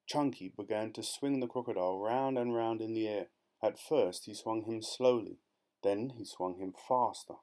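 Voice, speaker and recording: A man's voice: on the low side, moderate pace. Man narrating a children's story. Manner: lively, expressive reading. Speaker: audiobook reader.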